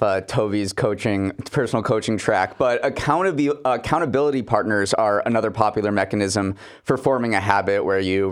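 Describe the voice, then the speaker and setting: A man's voice: on the low side, clean tone. A man co-hosting a podcast interview, asking a question politely and plainly. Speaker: podcast co-host.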